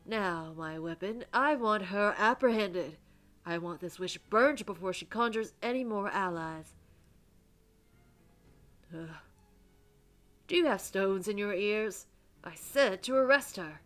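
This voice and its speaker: A woman's voice: fairly low pitch, a little slow, lightly acted. A woman voicing a cruel male reverend with a put-on American Southern accent, sneering and barking insults.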